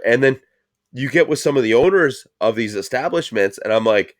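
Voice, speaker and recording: A man's voice: on the low side, animated, brisk, no echo, studio quality. A man hosting a casual talk show, rambling and swearing a lot, with plenty of fillers. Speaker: show host. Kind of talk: casual profane chat.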